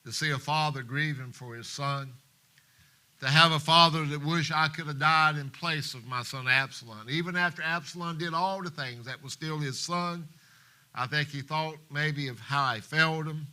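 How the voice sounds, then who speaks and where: A man preaching a sermon in a church, passionate, swinging between hushed tones and loud emphasis, and reading scripture in King James wording. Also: on the high side. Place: church live stream.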